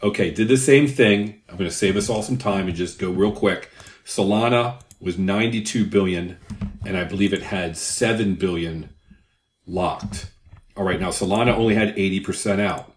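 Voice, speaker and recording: Deep-voiced older man explaining crypto. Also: moderate pace. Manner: conversational, rambling asides. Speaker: crypto YouTuber. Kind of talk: casual explainer with anecdotes. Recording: roomy echo.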